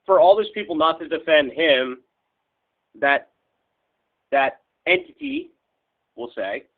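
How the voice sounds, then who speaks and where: A man's voice: a little high, wildly swooping pitch, takes it slowly. A man hosting a casual podcast chat, giving blunt, emphatic opinions. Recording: tinny phone line.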